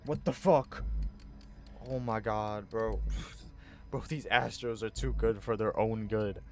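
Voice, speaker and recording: A man's voice: lowish voice, steady tone, slow pace. A young man streaming a horror game, reacting with frequent swearing and laughs between lines. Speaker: gaming streamer. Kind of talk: casual gaming commentary.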